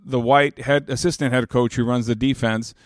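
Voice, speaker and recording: A man in his thirties speaks at a moderate pace with medium pitch and fairly even intonation, in a dry, studio-quality recording. Reflective and earnest, he tells an emotional personal story, rambling with many restarts and growing louder and more emphatic on his points.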